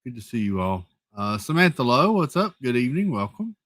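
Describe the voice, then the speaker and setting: Male stream host, mid-pitched, dry close sound, playful rambling greetings, slight headache weariness. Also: sing-song, brisk, a bit bright, no room sound. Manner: greets chat viewers one by one, rambling and playful. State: has a headache. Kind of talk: casual live-stream chat.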